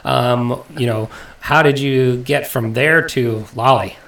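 A man's voice: mid-range voice, slow, fairly bright tone. A young man hosting a podcast, telling a story in casual chat and laughing often. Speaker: podcast host. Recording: distant mic with faint noise and clicks.

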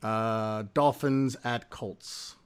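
A man co-hosting a sports podcast, talking in casual chat and going off on animated rants. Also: mid-range voice, drawn-out words, clear, resonant tone. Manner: ranting, animated complaints. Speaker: podcast co-host.

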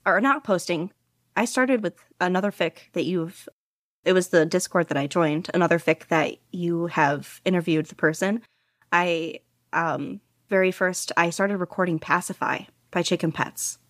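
A young woman with a fairly low voice talks at length as an interview guest, rambling and enthusiastic. She fills her sentences with asides and casual fillers. The sound is dry and close, with no room around it. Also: dry recording. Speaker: guest podficcer.

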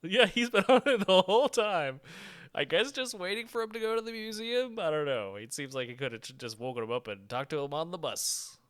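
Bright, smooth-voiced man chatting. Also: sits high, expressive, fairly quick. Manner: chatty, laughs often, many fillers and self-corrections. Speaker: podcast co-host. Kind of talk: casual chat reviewing a TV episode.

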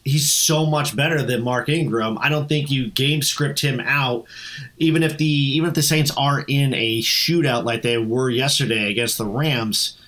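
A man's voice: mid-range voice, fairly bright tone. A man co-hosting a sports podcast, analyzing players in an earnest, emphatic way.

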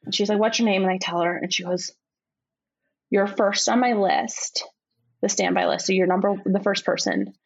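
Animated woman telling a travel story. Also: medium pitch, normal speed, gravelly, husky, no room sound, muffled recording. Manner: animated, acts out voices in her story; laughs often while telling. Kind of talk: casual chat.

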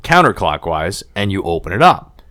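A man's voice: low voice, normal speed, dry recording, clean studio sound. A man in his forties telling a family story in casual chat, swearing and acting out the people he quotes. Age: 40s. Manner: animated, swears, acts out quoted voices.

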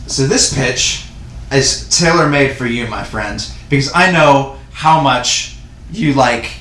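A man's voice: mid-range voice, slow pace, fairly bright tone. A man co-hosting a podcast, telling loose, profane stories and laughing at his own jokes. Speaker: podcast co-host. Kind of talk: casual podcast banter. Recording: echoey room with faint noise.

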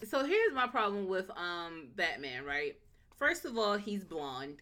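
A woman's voice: medium pitch, very animated, a little slow, sharp tone. A woman in casual chat reviewing a show, blunt and emphatic, repeating her points.

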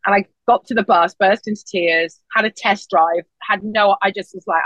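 At a normal speed, a woman shares energetic stories during a casual podcast conversation, shifting up into a high voice to act out quotes. The recording is dry and a little dull, with no room sound at all.

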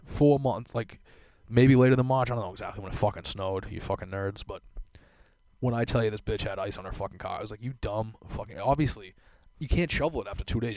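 A man's voice: lowish voice, gravelly, darkish tone, no room sound. Profane rambling young man. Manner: profane, rambling, laughing asides. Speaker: solo vlogger. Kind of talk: casual storytelling monologue.

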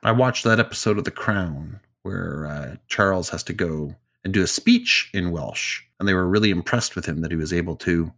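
A man's voice: deep voice, moderate pace, few pauses, fairly bright tone. A man co-hosting a podcast, casually retelling strange news stories with asides and jokes. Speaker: podcast co-host telling stories. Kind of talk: casual storytelling chat.

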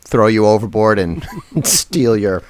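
A man's voice: lowish voice, expressive, slow pace. A man co-hosting a podcast, curious and musing, laughing easily as he talks. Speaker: podcast co-host. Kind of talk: casual chat.

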